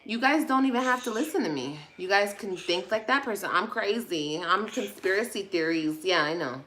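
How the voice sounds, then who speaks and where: Bright-voiced, sassy woman vlogger. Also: medium pitch, animated, moderate pace. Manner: blunt, sassy and profane, scolding viewers. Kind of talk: casual livestream chat replying to comments.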